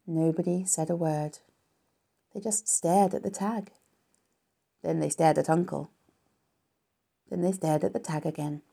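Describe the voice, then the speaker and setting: A woman reading a children's story aloud in a calm, even way. Her voice is low and mellow with a gravelly texture. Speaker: audiobook narrator. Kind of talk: storybook narration.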